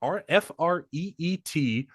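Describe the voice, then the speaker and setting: Animated, joking podcast host man. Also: fairly high pitch, takes it slowly, slightly rough, dry recording, studio quality. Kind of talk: casual comedic chat.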